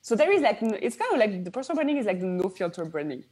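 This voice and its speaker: A woman with a French accent, a native French speaker, chatting casually as a personal branding coach in an interview, easygoing and animated and freely swearing. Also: medium pitch, very fast.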